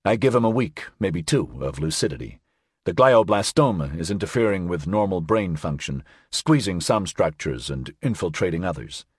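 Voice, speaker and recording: Wary clinical doctor, deep and husky, as the narrator puts him on, audiobook, dry room. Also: male voice, expressive, moderate pace, dry recording. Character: cautious, guarded male doctor, low-voiced.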